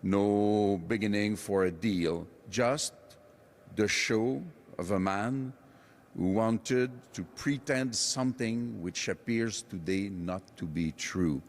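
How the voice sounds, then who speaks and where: Male politician, very deep voice, slow and deliberate, scornful tone. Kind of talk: speech to the press. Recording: reverberant room.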